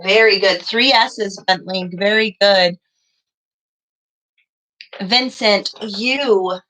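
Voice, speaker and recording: A young woman teaching a second grade class over a live stream, praising students warmly and spelling things out slowly. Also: mid-range voice. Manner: encouraging, slow and deliberate with children.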